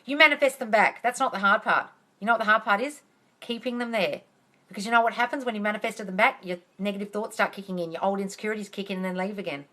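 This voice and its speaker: A manifesting coach takes questions on a casual phone live stream, swearing freely, calling her viewers darling, and ranting in a blunt, heated, emphatic way. She's a fast talker with a medium pitch and a bright, forceful tone.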